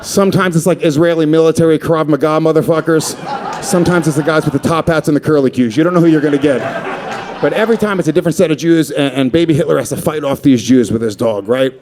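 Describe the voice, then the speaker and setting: A man in his thirties works through a stand-up comedy set on stage. He is crude and profane and rambles from one bit to the next, throwing in quick asides as he goes. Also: fairly high pitch, a crowd in the background.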